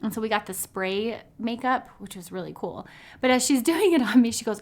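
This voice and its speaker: An upbeat woman in her thirties hosting her own nutrition podcast, chatty and quick to laugh. Her pitch sits in the middle range for a woman. She talks like she is chatting with a friend. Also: lively intonation, vocal fry. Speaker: dietitian and podcast host. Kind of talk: casual podcast monologue.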